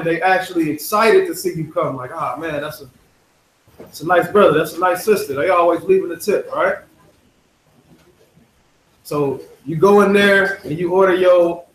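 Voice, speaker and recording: Man, preacher, casual interactive sermon, slangy questions, slightly high voice, echoey hall, faint noise. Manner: conversational, asks the congregation questions, uses slang. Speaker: preacher leading a Sabbath lesson. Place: congregation hall.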